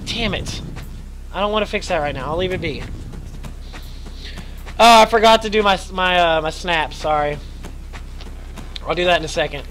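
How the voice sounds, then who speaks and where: Young male streamer, high bright voice going hoarse, chatty, yelps at scares, faint hum behind. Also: moderate pace, pauses often, poor audio. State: losing his voice, stuffy nose. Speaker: streamer playing a horror game. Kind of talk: live gaming commentary.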